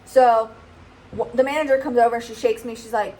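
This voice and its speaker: A woman's voice: fairly high pitch, fairly even intonation, brisk, warm tone, low-quality recording. A woman, telling a casual storytime vlog and often checking in with "okay?". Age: 20s. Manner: chatty, keeps asking "okay?". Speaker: vlogger.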